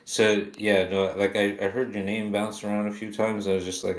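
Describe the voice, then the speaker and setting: A man's voice: on the low side, level tone, moderate pace, hardly any pauses. A man hosting a casual podcast chat, joking and laid-back. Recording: roomy sound.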